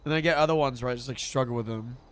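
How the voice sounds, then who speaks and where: A man's voice: mid-range voice, racing, fairly bright tone, slight background noise. A man chatting casually on a live stream, rambling and laughing often.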